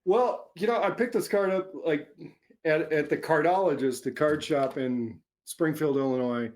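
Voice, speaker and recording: A middle-aged man, an author answering interview questions in a relaxed way, chuckling often and restarting his sentences as he rambles. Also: on the high side, moderate pace. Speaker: author guest. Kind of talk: casual interview chat.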